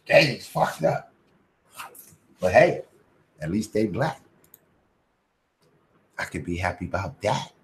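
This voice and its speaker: A man's voice: fairly low pitch, very animated, slow pace, gravelly, long pauses. A man hosting a casual commentary livestream, talking in a profane, preachy, motivational way. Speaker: channel host.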